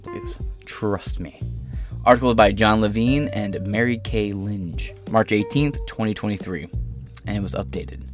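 Reading news stories aloud on his online political commentary show, a man with a fairly low-pitched voice keeps veering into sarcastic, profane, rambling tangents.

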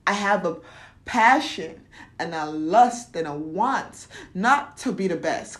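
A young woman vlogging a blunt, profane motivational monologue, swinging between loud ranting and quiet confession. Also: fairly low pitch, animated, slow pace.

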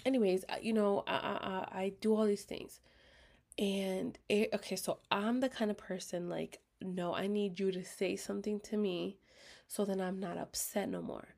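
Woman venting on a storytime vlog, gravelly fry in her voice, swears a lot, drops to whispers now and then. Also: medium pitch, normal speed. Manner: candid, expressive, lots of swearing and slang; talks in bursts, often drops to a half-whisper. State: dry throat, clears it often. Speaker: vlogger. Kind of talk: casual storytime chat.

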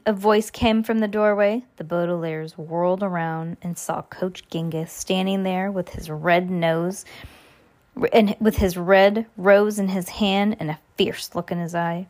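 A woman's voice: steady tone, a little slow, a little mellow. A woman reading a children's novel aloud and voicing every character herself. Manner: reads all parts herself, high giggles for characters. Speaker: reader. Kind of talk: audiobook reading.

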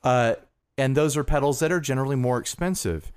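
A man co-hosting a casual podcast, speaking at an ordinary middle pitch. He sounds earnest and rambles, often restarting his sentences. The recording is dry and close, with no room sound. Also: brisk, smooth, no room sound. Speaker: podcast co-host.

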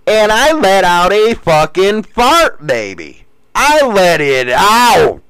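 A man's voice: a little high, fairly bright tone, no echo. A man telling rambling, profane stories in casual chat, often laughing at his own jokes. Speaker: storyteller answering a question. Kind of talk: casual crude storytelling.

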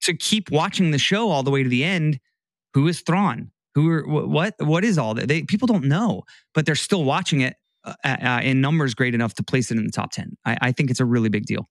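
Brisk and mid-range, this man's voice comes through in studio quality with no room sound. He's a podcast co-host in a casual conversation, rambling and restarting his sentences.

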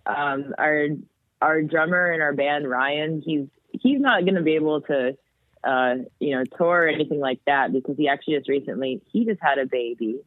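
A woman guest on a podcast, chatting casually and telling stories in an animated way. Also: deep voice, normal speed, no echo. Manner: animated storytelling. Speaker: guest, metal vocalist. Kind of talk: casual chat. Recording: tinny phone-like sound, dry.

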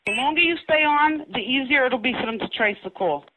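A woman's voice: high voice, expressive, brisk. A woman answering a phone call, demanding answers, swearing and insulting the caller. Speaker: prank call target.

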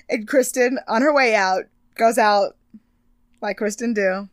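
A young woman recaps a show with her co-host, animated and quick to mock with over-the-top impressions and swearing. Her voice sits high, and the recording is dry and close with little room sound. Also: no echo. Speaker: podcast co-host. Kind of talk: casual recap chat.

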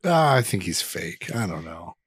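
Low, lively-voiced offhand podcast guy. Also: normal speed, slightly rough. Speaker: podcast co-host. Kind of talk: casual bar chat.

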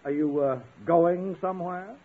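A stern school official. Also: male voice, sits high, steady tone, unhurried. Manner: commanding, interrogating. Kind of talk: 1950s radio sitcom acting. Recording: tinny old radio broadcast.

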